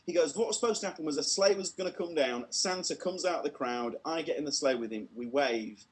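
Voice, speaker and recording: A British man telling a comedy story on an online show, lively and acting out the voices, laughing at his own tale. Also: fairly high pitch, brisk.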